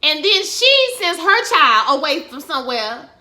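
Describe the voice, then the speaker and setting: Sassy, animated woman recapping a show. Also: normal speed. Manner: animated, sassy, profane, acts out characters in big high voices. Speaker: TV recap vlogger. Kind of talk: casual TV recap vlog. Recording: echoey room.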